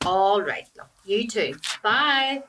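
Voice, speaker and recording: A woman plays a chatty middle-aged mum with a Belfast accent, gossiping away. Her pitch sits in an ordinary middle range but rises and falls in a very lively way. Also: takes it slowly, background noise. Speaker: mother and wife. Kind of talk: comedy drama acting.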